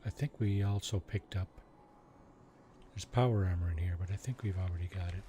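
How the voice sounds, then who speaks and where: A man talks through his gameplay in a relaxed, chatty way, greeting viewers by name as he plays. His voice sits low and dark. Faint keyboard clicks and typing come through behind him. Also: brisk, slight background noise. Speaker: game streamer. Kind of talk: casual gameplay commentary.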